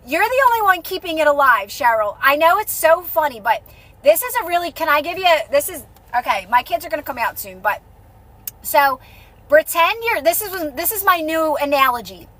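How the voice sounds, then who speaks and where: A woman's voice: high-pitched, a bit bright, low-quality recording. A woman coaching on manifestation in a casual live-stream talk, rambling and colloquial with frequent restarts, on a phone mic.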